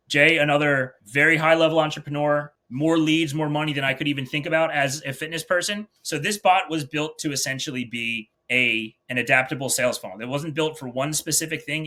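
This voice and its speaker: A man from New Jersey presents a software demo to gym owners while sharing his screen. He talks in a blunt, salesy way and swears casually. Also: on the high side. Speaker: fitness business presenter. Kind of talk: screen-share product demo narration.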